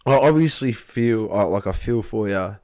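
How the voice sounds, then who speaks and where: A man hosting a casual livestream chat, friendly and halting, often repeating words. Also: on the low side, animated, darkish tone, dry recording, studio quality. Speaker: livestream host.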